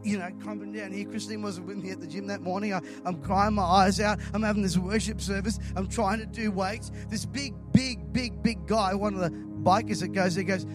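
A man delivers a passionate sermon in a church. His voice sits fairly high, and he builds to loud, emphatic appeals. Soft music plays faintly behind him. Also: steady tone, moderate pace, few pauses. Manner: impassioned, rising to loud emphatic calls. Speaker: preacher.

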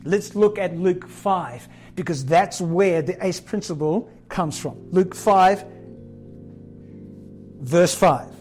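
A man's voice: high voice, takes it slowly, a little mellow, faint music behind. A man preaching a sermon in an earnest, urging way, repeating key phrases for emphasis.

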